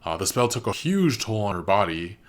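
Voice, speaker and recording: Guy with kinda low voice chatting thru his reaction, thoughtful, figuring stuff out as he goes. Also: very animated, brisk. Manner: thoughtful, musing, analytical. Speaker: reaction video host. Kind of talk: casual spoken commentary.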